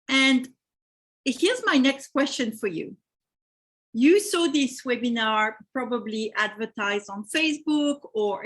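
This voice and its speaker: A middle-aged woman with a French accent hosts a live webinar, chatting easily and greeting attendees by name. Her voice is fairly high and has a husky edge, heard through a computer microphone. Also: fairly bright tone. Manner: chatty, reads out attendee names. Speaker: webinar host.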